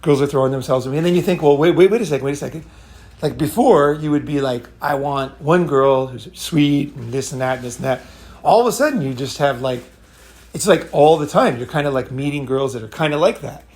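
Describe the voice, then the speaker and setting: A man's voice: medium pitch, fairly quick, darkish tone. A man hosting his own channel, talking in a loose, rambling monologue full of swearing and constant "right?" and "okay?" check-ins. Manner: rambling and blunt, swears freely, keeps asking "right?" and "okay?". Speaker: channel host giving dating advice. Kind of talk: casual monologue.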